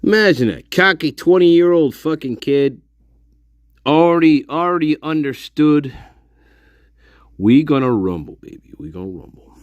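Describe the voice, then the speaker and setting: A man's voice: fairly high pitch, expressive, unhurried, pauses often, no echo, clean studio sound. A man hosting a one-man livestream show. He chats casually in a profane, rambling way and laughs often.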